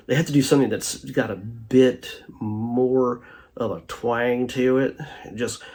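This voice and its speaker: A man hosting a casual commentary show, rambling with many fillers and restarts, often trailing off quietly at the end of a thought. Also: mid-range voice, husky. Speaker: host reviewing a streaming documentary.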